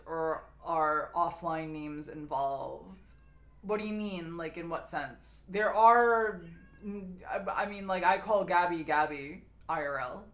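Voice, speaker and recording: A young adult woman streamer chatting casually with her viewers, rambling and swearing freely. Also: lowish voice.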